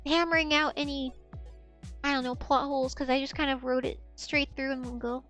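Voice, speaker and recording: A woman in her twenties talks to her stream chat in a loose, rambling way, swearing freely and laughing as she drifts off track. Her voice sits high. Faint music plays underneath. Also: normal speed, fairly bright tone. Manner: rambling, profane, loses her train of thought; laughs often.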